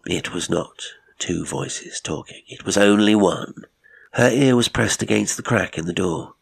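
A man narrating a ghost story in a measured, steady reading. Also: on the low side, creaky, breathy edge.

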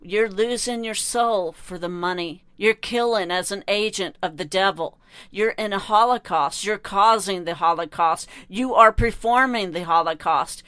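A woman's voice: mid-range voice, unhurried, fairly bright tone, clear, resonant tone, no echo. A woman delivering an impassioned monologue in a preachy, condemning, repetitive way.

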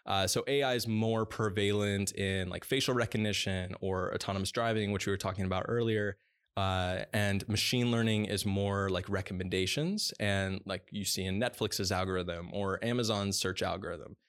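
A man with a notably deep, low voice talks through ideas in long explanatory stretches. He is a dog training business owner being interviewed, and he fills his pauses with a relaxed "uh" as he goes. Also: smooth. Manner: fluent, explanatory, with frequent "uh" pauses.

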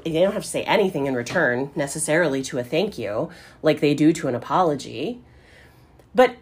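A woman's voice: on the low side, slightly rough. A woman hosting a solo podcast in a conversational way, often checking in with the listener and swearing casually. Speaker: podcast host.

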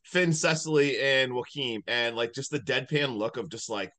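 A man hosting a podcast, casually recapping a movie in a rambling, animated way full of "like". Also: mid-range voice, moderate pace. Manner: rambling, animated retelling with many likes. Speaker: podcast host.

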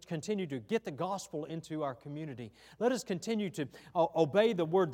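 A man's voice: on the high side, darkish tone, long reverb tail. A male pastor, preaching a sermon in a folksy way, often restarting his phrases. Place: church sanctuary.

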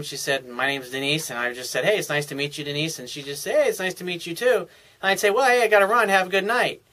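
A man with a bright, forward voice sitting a little high for a man, holding forth on dating in a loose, rambling monologue. He talks with swagger and casual profanity, circling back over his own stories. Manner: cocky, anecdotal, profane. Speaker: dating coach.

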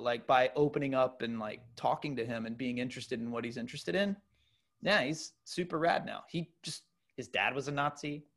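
Middle-aged guy telling a story, rambly and animated, lots of ums and restarts, normal pitch. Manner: loose and animated, many fillers and restarts. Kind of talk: casual storytelling chat.

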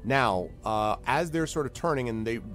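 A man narrates a tabletop game as game master. He is loose and chatty, filling the story with ums and mouth sound effects. Faint music plays underneath his mid-pitched voice. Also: expressive, moderate pace, fairly bright tone.

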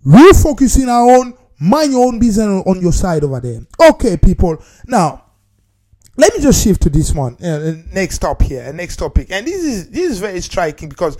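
Man, football commentator vlog, mellow voice, very lively pitch, keeps addressing viewers as "people.". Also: moderate pace. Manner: animated, repetitive, talks straight to viewers as "people". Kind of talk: casual football opinion monologue.

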